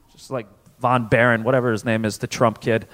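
A man from Connecticut doing live stand-up comedy, animated, profane and self-deprecating, on a festival stage before an audience. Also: mid-range voice, slight background noise. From Connecticut, USA. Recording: reverberant live venue.

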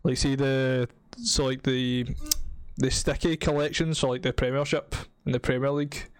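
A man's voice: mid-range voice, steady tone, moderate pace, clean tone, no room sound. A young Scottish man hosting a chat, sweary and matey, laughing a lot. His voice sits mid-range, recorded close in a dry room. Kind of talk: casual chat.

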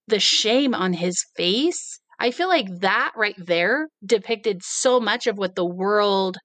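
Podcast co-host, female, mid pitch, dry close sound, animated storyteller. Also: slow, no echo. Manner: animated, acts out quoted dialogue. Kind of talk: casual conversational storytelling.

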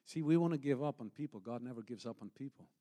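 A man's voice: mid-range voice, fast, dark tone. A middle-aged man, a missionary pastor, preaching a sermon in an earnest storytelling way, with non-native phrasing and frequent restarts.

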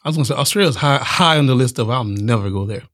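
A man's voice: medium pitch, lively intonation, quick pace, a bit bright. A man co-hosting a podcast, chatting casually in a blunt, profane and joking way. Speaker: podcast co-host. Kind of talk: casual chat.

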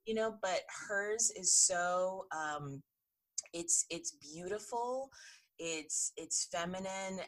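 Lower-voiced woman, thoughtful podcast chat. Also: takes it slowly. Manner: thoughtful, soft fillers like um.

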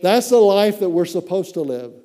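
A man's voice: high voice, very animated, moderate pace, dark tone, big-room sound. A man preaching a sermon with fervent, frequent cries of praise between phrases.

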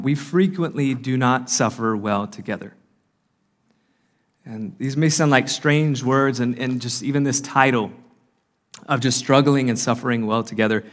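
A man speaking earnestly at a marriage conference, giving a faith-based talk with frequent fillers and restarts. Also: medium pitch. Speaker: conference speaker and podcast host. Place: conference hall.

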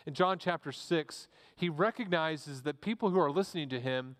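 A man's voice: fairly high pitch, moderate pace, a bit bright, big-room sound. A man, a pastor preaching a sermon in a church, earnest and repeating words as he restarts his phrases.

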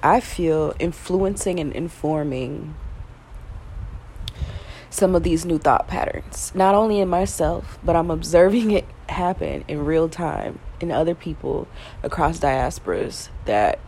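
Low gravelly woman rambling frankly. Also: lively intonation, measured pace, dark tone, slight background noise. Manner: rambling, frank, swears casually. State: recovering from illness, yawning and coughing. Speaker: vlogger. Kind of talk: casual spoken monologue. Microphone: self-recorded.

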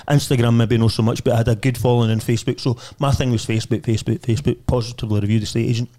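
A Scottish man talks in a blunt, sweary, lively way and tells stories with animation. His pitch sits in the middle of the male range. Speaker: property guest. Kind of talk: casual podcast chat.

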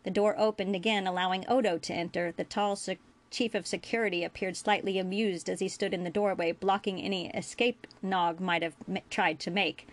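A woman reading fan fiction aloud as a storyteller, with a steady pace and small slips. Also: mid-range voice, brisk. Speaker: audiobook reader.

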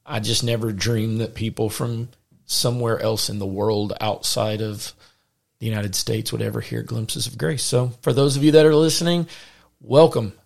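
A man with a Southern accent hosting a casual faith podcast, upbeat and friendly and quick to laugh. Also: medium pitch, steady tone, gravelly. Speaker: podcast host.

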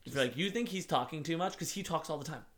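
Rambling, animated male podcast co-host. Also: fairly high pitch, quick pace. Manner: animated, rambling, heavy filler words, swears casually. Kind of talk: casual game review chat.

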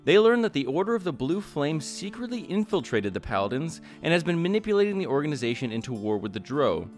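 A man's voice: a little high, big pitch swings, quick pace, faint music behind. A man hosting a tabletop game podcast as dungeon master, recapping the story in an upbeat way. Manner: upbeat recap, laughs with players.

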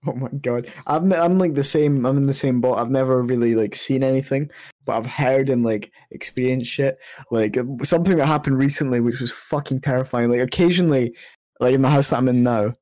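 A man's voice: medium pitch, a little fast, darkish tone, dry recording. A young man hosting a podcast, chatty and jokey with frequent swearing. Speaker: podcast host. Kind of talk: casual podcast chat.

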